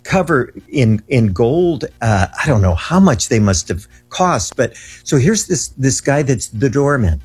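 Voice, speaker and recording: A man's voice: mid-range voice, big pitch swings, measured pace, hardly any pauses, a little mellow, slightly rough. A man as an interview guest, telling a story in an earnest, emphatic way. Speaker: guest recounting ministry travels.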